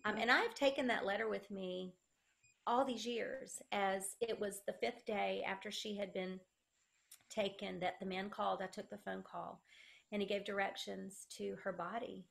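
Middle-aged woman, slow earnest testimony, gravelly fry in the voice. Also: mid-range voice, fairly even intonation, fairly bright tone. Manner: earnest, slow, reads a letter aloud. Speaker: guest sharing her testimony. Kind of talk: emotional personal testimony.

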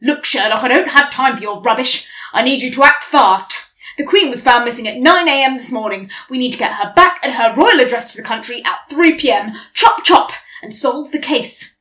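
A woman's voice: a little high, sing-song, moderate pace, hardly any pauses, recorded from a distance. A woman voicing a bossy, impatient man who orders his brother about in a children's story.

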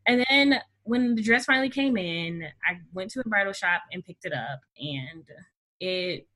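A woman's voice: fairly low pitch, normal speed, sharp tone. A woman guest, a bride, talking casually and laughing often on a podcast. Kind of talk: casual conversation.

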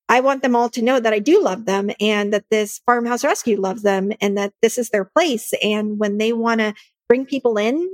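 Woman, 30s, guest on a podcast, earnest, emotional, high voice, dry sound. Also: no echo. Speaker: nonprofit founder, podcast guest. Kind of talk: casual interview chat.

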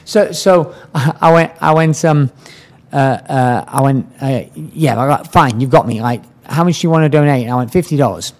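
A man's voice: mid-range voice, moderate pace. Man, English accent, podcast co-host, casual storytelling, laughs, stammering restarts. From England.

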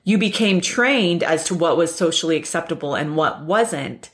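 A woman with a somewhat low voice hosts a self-help podcast on her own. She talks earnestly and leans on repeated rhetorical questions to drive her points home. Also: lively intonation, moderate pace. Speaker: podcast host.

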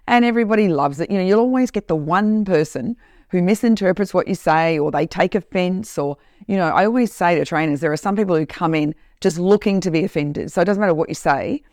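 Animated woman trainer telling a story. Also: lowish voice, fairly quick, dry recording, studio quality. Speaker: corporate trainer and podcast host. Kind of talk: casual monologue.

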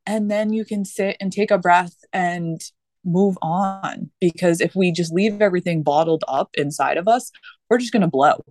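A woman's voice: lowish voice, moderate pace, a little mellow. A woman in her thirties, a podcast guest, talking in an earnest, rambling way with many fillers and restarts. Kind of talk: casual conversation.

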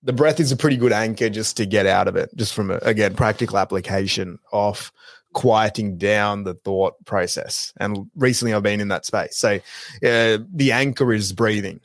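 A man's voice: on the low side, normal speed, no echo, clean studio sound. A man co-hosting a podcast, talking in an easygoing, reflective way. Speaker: podcast co-host. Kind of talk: casual podcast chat.

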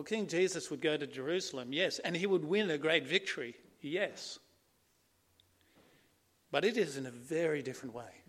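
Male preacher with a high voice, earnest sermon delivery that swings from emphatic to quiet.

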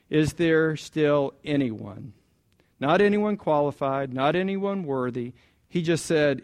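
A man preaching a sermon in a conversational way, asking the congregation questions and repeating key points. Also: fairly high pitch. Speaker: pastor.

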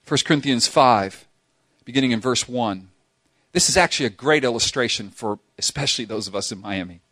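Preaching as pastor in a church sanctuary, this man talks fairly quickly in a medium-pitched voice, and the recording has no room sound. He's animated and emphatic, repeats a lot, and now and then performs other voices.

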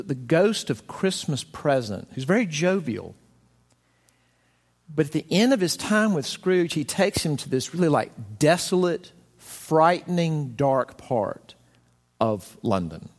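Unhurried and fairly high-pitched, a pastor preaches in a large hall. His sermon feels conversational as he tells stories expressively and acts out each quoted line.

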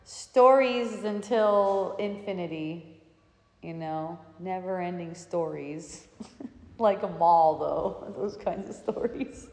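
A woman giving a reflective spiritual talk, telling a personal story in an animated, chatty way with frequent restarts. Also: lowish voice, slow pace. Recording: echoey hall, reverberant.

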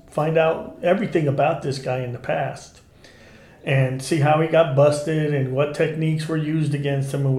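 A man with a fairly high-pitched voice, an ex-undercover cop, tells stories in a casual interview. He's animated and swears freely, acting out people's lines. The recording is reverberant.

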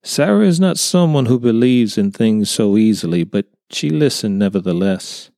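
A man's voice: lowish voice, animated, normal speed, vocal fry, warm tone, dry recording, studio quality. A man voicing an earnest young contractor who tells his story hesitantly in a storybook reading. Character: earnest younger male contractor, unsettled by a sighting.

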